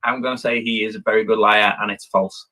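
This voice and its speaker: Husky, bright-voiced Irish man. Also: on the low side, level tone, fast, no room sound, rough recording. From Ireland. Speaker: podcast guest. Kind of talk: casual chat.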